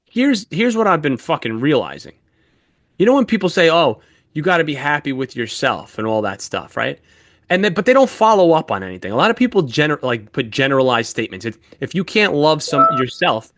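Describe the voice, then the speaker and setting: A man's voice: on the high side, brisk, faint music behind. A man co-hosting a podcast in casual chat, telling stories with lots of swearing. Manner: animated, heavy swearing, storytelling. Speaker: podcast co-host.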